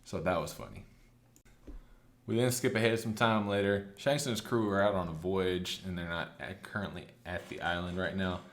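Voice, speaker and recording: A man casually recapping a story, chatty and loose, slipping into quick quoted lines. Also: low-pitched. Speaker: anime recap host.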